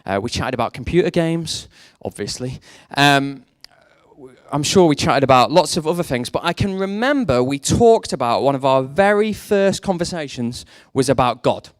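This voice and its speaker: A man's voice: mid-range voice, expressive, normal speed, no room sound, studio quality. A young man preaching a sermon, mixing faith talk with self-deprecating jokes about his past. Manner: jokey, self-deprecating storytelling. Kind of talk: sermon with personal stories.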